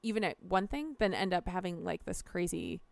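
Casting: young woman podcast co-host, gravelly yet smooth voice, chatty, dry studio sound. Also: lowish voice, wildly swooping pitch, fairly quick, no echo. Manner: chatty, trailing restarts. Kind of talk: casual chat.

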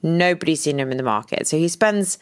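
A woman's voice: low-pitched, brisk. A woman co-hosting a podcast, telling a story casually and dramatically, acting out what people said. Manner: lively, dramatic retelling that acts out quoted speech. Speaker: podcast co-host.

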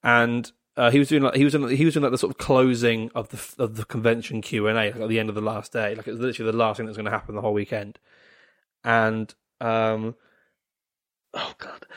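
A man, a comedian, telling a rambling, self-mocking story, full of fillers and laughing often at himself. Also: medium pitch. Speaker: comedian guest. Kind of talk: casual anecdote telling.

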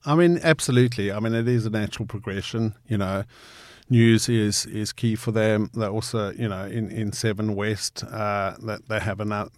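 A man, a podcast guest, talking haltingly, with repeated words and many fillers. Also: lowish voice, darkish tone, no room sound. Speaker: guest, agency CEO. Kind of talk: casual interview chat.

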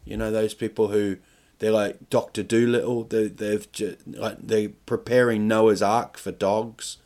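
A man's voice: on the low side, flat delivery, measured pace, darkish tone. A middle-aged man hosting a podcast, rambling through a crude comic monologue with stop-start phrasing and rhetorical questions. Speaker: podcast host.

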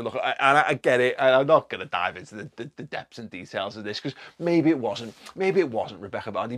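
A man hosting a podcast in a casual commentary monologue, animated and sweary, laughing often and using many fillers. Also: medium pitch. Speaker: podcast host.

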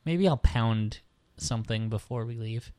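A man co-hosting a podcast, chatting casually with sarcastic jokes and halting restarts. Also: medium pitch, mellow, dry recording. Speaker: podcast co-host. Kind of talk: casual chat.

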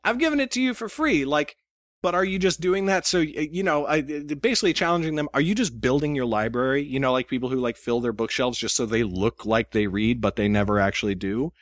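A man's voice: medium pitch, steady tone, fairly quick, no echo, clean studio sound. A man, a guest author, chatting casually about his publishing business and acting out his emails in quoted voices. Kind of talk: casual chat.

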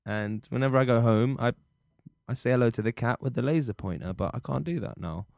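A man's voice: medium pitch, a little fast, vocal fry, a little mellow, dry recording, clean studio sound. A man co-hosting a comedy podcast, playing flustered characters in improvised scenes and then introducing the next game. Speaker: podcast co-host.

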